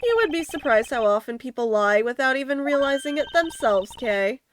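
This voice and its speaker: A woman voicing a composed male prosecutor in a video game, measured and pointed. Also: high voice, lively intonation, background noise. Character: cool, confident male prosecutor.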